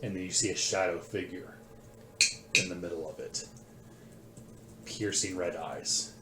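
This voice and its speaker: Low-voiced man narrating as game master. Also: fairly even intonation, a little slow. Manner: descriptive, suspenseful narration. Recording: echoey room with loud noise.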